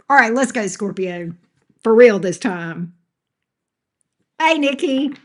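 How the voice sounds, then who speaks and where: A woman's voice: a little high, expressive, unhurried, long pauses. A woman doing a live tarot reading who talks back to chat with sass, scolding troublemakers and laughing often. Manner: sassy, scolding chat trolls, laughs a lot. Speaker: tarot reader.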